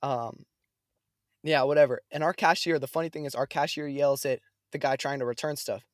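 A young man chatting casually, telling a story in a lively, slangy way. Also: a little high, moderate pace, dry recording, studio quality. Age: young adult. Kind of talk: casual chat.

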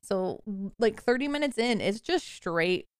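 A woman with a somewhat high voice chats loosely with friends on a podcast. She tells self-deprecating stories, swears freely and laughs often. Her voice sounds close and dry, with no room echo. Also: animated, measured pace, smooth. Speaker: podcast co-host. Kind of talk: casual chat among friends. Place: lives in a cold snowy area, recording remotely.

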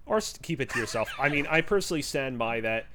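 A man's voice: mid-range voice, animated, fast talker, a loud crowd. A man co-hosting a casual podcast, earnest and stumbling at the start of sentences. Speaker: podcast co-host.

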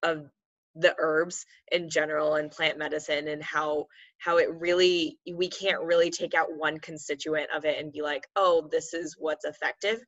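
A young woman hosts a casual podcast, upbeat and quick to laugh. Her voice sits a little low. The sound is dry and slightly muffled, with no room around it. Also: flat delivery, fairly bright tone, no echo. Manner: laughs often, chatty and upbeat. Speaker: podcast host and herbal medicine practitioner.

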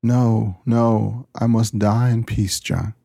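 A man's voice: fairly low pitch, steady tone, takes it slowly, dry recording, clean studio sound, pitched above the performer's own voice, full character voice. A man putting on a frail, dying wife's faint voice. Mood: faint confessing. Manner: weak, breathy, hushed. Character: frail dying woman confessing in bed.

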